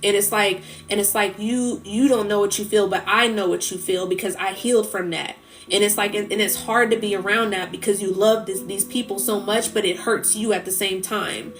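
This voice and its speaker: A woman hosting a spiritual livestream speaks at medium pitch and a moderate pace with fairly even intonation. Her casual talk is heartfelt, rambling, and full of fillers, and she grows tearful discussing healing.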